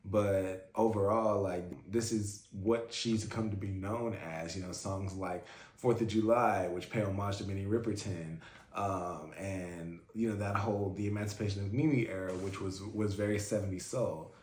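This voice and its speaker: Guy rambling about an album he loves, lowish voice, roomy echo. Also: fairly even intonation, normal speed, darkish tone. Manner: chatty, fan-like, many fillers. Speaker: music reaction host. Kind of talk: casual album reaction commentary. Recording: roomy echo, faint music.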